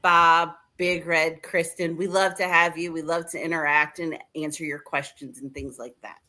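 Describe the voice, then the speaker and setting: A woman's voice: deep voice, fairly even intonation, normal speed, pushed and bright. A woman hosting a podcast, chatting casually and bubbly, laughing often. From Midwest. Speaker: podcast host.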